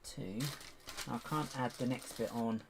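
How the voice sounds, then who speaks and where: Man with a cracky, gravelly voice. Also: medium pitch, unhurried, noisy background. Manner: mutters to himself while sorting bricks. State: voice going cracky, needs a drink. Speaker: LEGO builder and streamer. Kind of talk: casual live build commentary.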